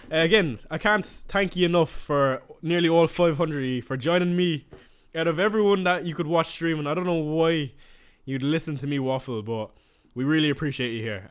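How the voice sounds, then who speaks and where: A man's voice: a little high, clean tone. Chatty young man streaming casually. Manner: chatty, reacting to viewer questions. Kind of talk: casual live-stream chat.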